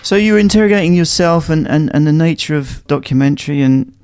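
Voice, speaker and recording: A man's voice: a little high, quick pace, a little mellow, clear, resonant tone. A man hosting an interview, asking probing, supportive follow-up questions. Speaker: podcast host, interviewer. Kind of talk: casual interview conversation.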